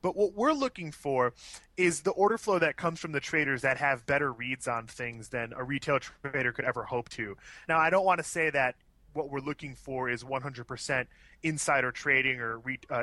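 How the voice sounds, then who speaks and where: A man with a Chicago accent giving quick, fluent interview answers as an options trading expert, with small restarts now and then. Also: medium pitch, bright, forceful tone, no echo.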